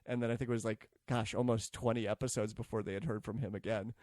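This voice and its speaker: A man's voice: on the low side, level tone, fast talker, darkish tone, no room sound, studio quality. A middle-aged father on a casual podcast chat, laughing easily and encouraging his daughter. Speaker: podcast guest.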